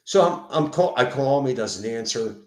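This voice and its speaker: A man's voice: medium pitch, moderate pace. Profane Philadelphia man venting in a roomy echo. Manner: profane, animated storytelling. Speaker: sober house manager. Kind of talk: casual venting monologue. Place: indoors at home.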